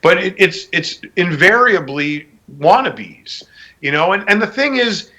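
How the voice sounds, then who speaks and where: A man's voice: high voice, expressive, a little slow, pushed and bright. A man co-hosting a casual podcast discussion, rambling and wry, with many restarts. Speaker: podcast co-host.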